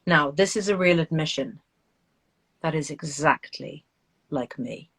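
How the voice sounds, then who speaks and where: A woman, an actress, chatting casually on a live video call, animated and laughing as she tells stories about herself. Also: low-pitched, unhurried, gravelly, breathy edge. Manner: animated, laughing, self-deprecating storytelling. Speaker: actress guest.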